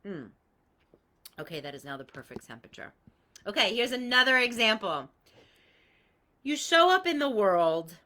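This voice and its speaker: A woman's voice: mid-range voice, very animated, moderate pace, long pauses, pushed and bright. A woman hosting a live coaching call, talking bluntly and swearing freely as she gives everyday examples and greets viewers by name. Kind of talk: casual live-stream coaching talk.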